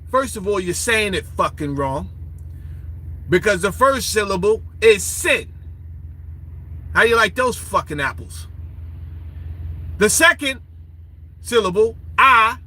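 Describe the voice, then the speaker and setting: High, husky, taunting male lecturer. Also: expressive, measured pace, pauses often, pushed and bright, poor audio. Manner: confrontational, taunting, quizzes listeners. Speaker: online lecturer. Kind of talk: profane ranting lecture.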